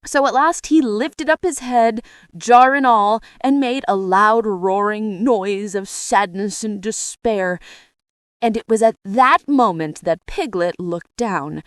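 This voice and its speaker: A woman narrating a children's storybook in a lively, expressive way. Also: medium pitch, slow pace, dry recording, clean studio sound. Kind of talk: storybook reading.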